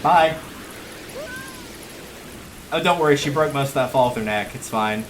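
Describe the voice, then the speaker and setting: A man's voice: mid-range voice, moderate pace, a little hiss or hum. A man giving casual gameplay commentary on a livestream, chatty and wry, joking as he plays.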